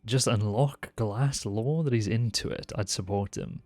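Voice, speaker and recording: A man's voice: fairly low pitch, measured pace, dry recording, faint music behind. A man streaming a role-play game, chatting casually and laughing often as he jokes with another player. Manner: laughs often, relaxed and joking.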